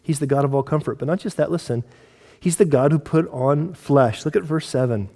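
A man delivers a sermon in a somewhat higher voice, in a hall with a long echo. He moves from hushed, intimate talk to loud, emphatic scripture reading. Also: a little fast. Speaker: pastor. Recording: long reverb of a large hall.

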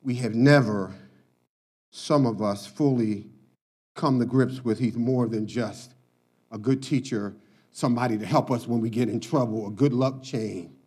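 A man's voice: mid-range voice, a little slow, warm tone, breathy edge. A man preaching a sermon, telling stories and stressing his points by repeating words, and chuckling as he tells them. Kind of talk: sermon with storytelling.

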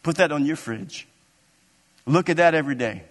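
A man pastor delivers an animated sermon, his voice sitting a little high. He acts out scripture scenes as he goes. A long reverb of a large church sanctuary hangs on every word. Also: moderate pace.

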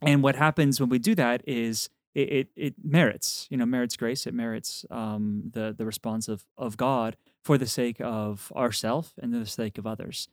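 A man co-hosts a casual talk show, joking warmly with his friends and laughing easily. When he gets to teaching, he turns earnest. His voice sits at an ordinary pitch and sounds close and dry. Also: fairly even intonation, moderate pace, few pauses, dry recording. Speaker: podcast co-host, priest. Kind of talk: casual chat, explaining faith.

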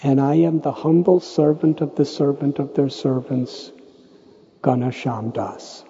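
Slow, mellow-voiced man telling a story. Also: mid-range voice, steady tone. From United States. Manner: gentle, unhurried storytelling that rises to emotional, raised quoted speech. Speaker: monk lecturer. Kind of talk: storytelling lecture. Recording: dull, lo-fi lecture recording with faint noise.

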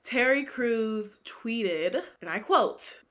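A woman's voice: a little high, animated, drawn-out words, fairly bright tone. A young woman hosting a casual gossip podcast, sassy and laughing often, trailing off in exasperation. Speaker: podcast host.

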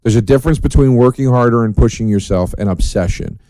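A man hosting a solo podcast, talking in a profane, sardonic, rambling way with dark jokes. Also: mid-range voice, fast, dry recording. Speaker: podcast host.

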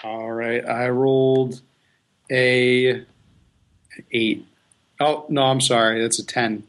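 A man's voice: medium pitch, flat delivery, takes it slowly, slight background noise. A man casually playing a tabletop game as a player.

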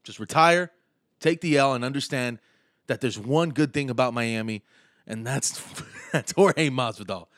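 A man's voice: mid-range voice, measured pace, a bit bright. A man with a slight lisp hosting a podcast, delivering a sarcastic, mocking comedic rant. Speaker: podcast host and stand-up comedian.

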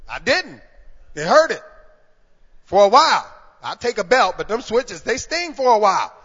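A man preaching a sermon in church, calling out to the congregation and swinging from hushed talk to shouting. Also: high-pitched, very animated, normal speed, slightly rough. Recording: reverberant hall, dull lo-fi sound.

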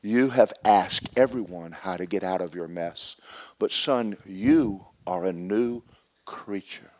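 A fatherly God speaks slowly and tenderly, drawing out each phrase, as a preacher gives him voice. The tone sits low and soft. The sound is dry and close. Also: no echo. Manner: slow, tender, drawn out.

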